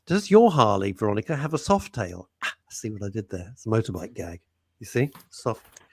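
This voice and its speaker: A man's voice: fairly low pitch, lively intonation, moderate pace, slight background noise. A man hosting a live radio show, rambling and joking as he greets listeners. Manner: rambling, jokey, reads out listener messages. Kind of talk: chatty live radio banter.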